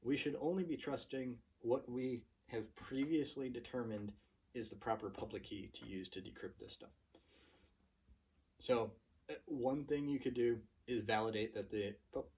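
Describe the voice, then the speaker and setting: A man hosting his own channel, talking casually to camera in a relaxed rant full of fillers and restarts. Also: mid-range voice, normal speed, husky, recorded from a distance. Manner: chatty, many fillers and restarts. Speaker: channel host.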